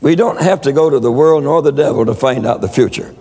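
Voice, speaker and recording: Preaching in a big-sounding room, a man tells stories, often stammering and repeating himself. His voice is medium in pitch and mellow, and he moves at a brisk pace.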